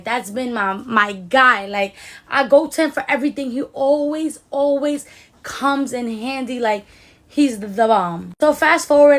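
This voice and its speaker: A young woman with a high-pitched voice tells a casual storytime straight to her viewers. She talks in loose slang and jumps into lively quoted voices for the people in the story. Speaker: beauty vlogger.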